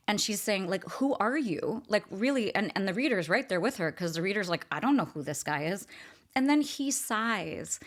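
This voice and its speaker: Casting: woman host of a book talk, lower voice, chatty and enthusiastic, literary analysis. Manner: enthusiastic, chatty, many fillers.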